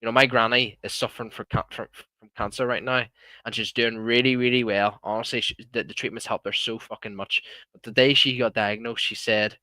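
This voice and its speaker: A man's voice: medium pitch, steady tone, fairly quick, bright, forceful tone, no room sound. A young Irish man hosting a live stream, talking casually and heatedly, swearing often and calling listeners "man". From Ireland. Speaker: livestream host.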